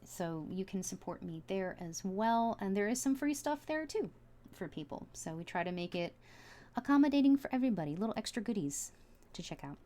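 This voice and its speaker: A woman talks through a tarot spread in a loose, casual way, stopping and restarting her sentences. Her tone is soft and sincere, and she gets quietly emotional as she reassures the listener. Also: mid-range voice, sing-song, fairly quick. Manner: chatty, earnest, full of fillers and restarts; soft and heartfelt, at times emotional. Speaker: tarot reader. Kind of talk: casual tarot reading to camera.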